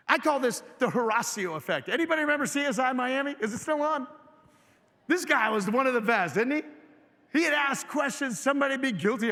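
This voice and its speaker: High-voiced guy doing a keynote, super animated, lots of questions to the crowd, big echoey hall. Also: a little fast. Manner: energetic, engages audience with questions. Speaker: keynote speaker. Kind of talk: live keynote speech. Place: large hotel event hall. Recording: reverberant hall.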